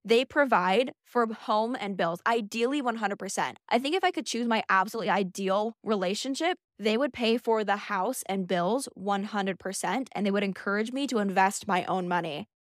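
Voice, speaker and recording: A woman's voice: mid-range voice, moderate pace, few pauses, dry recording, studio quality. A young adult woman hosting a casual monologue podcast, chatty and emphatic with a sassy edge. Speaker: podcast host.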